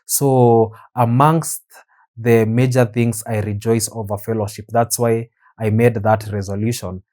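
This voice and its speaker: A man with a fairly low voice hosts his own show and talks in a reflective solo format. He speaks earnestly and at a measured pace, pausing often. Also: steady tone, dark tone. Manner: earnest, measured, with frequent pauses and fillers. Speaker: podcast host.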